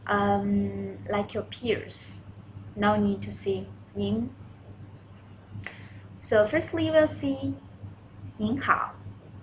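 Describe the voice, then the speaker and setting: A woman from China with a Mandarin Chinese accent, teaching a beginner's online Chinese lesson and slowly repeating phrases for learners to copy. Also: mid-range voice, slight background noise, rough recording.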